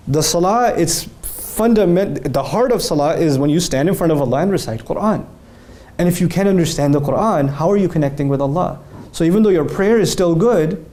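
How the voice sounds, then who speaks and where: Earnest, animated man with a mellow voice. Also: on the high side. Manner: earnest and animated, telling stories with quoted dialogue. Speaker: interviewee. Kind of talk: speaking in a recorded interview.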